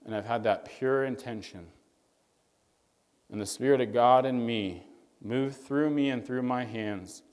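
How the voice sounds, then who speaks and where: A man's voice: medium pitch, measured pace, long pauses, darkish tone, big-room sound. A man, a chiropractor, gives a motivational stage talk to young doctors, telling stories in an earnest, preacher-like way. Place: stage in a large hall.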